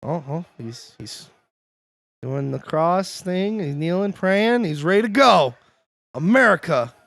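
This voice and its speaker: Excitable high-voiced man with a gravelly edge. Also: slow pace, no room sound. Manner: excited running reactions, laughs often. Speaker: podcast co-host. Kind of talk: movie commentary track.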